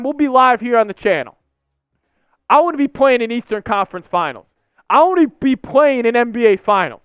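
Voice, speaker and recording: Young guy streaming, ranting and repeating himself, high crisp voice, dry close sound. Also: dry recording. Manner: frustrated, repetitive ranting. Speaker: live stream host. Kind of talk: live stream rant. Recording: slightly dull lo-fi stream audio.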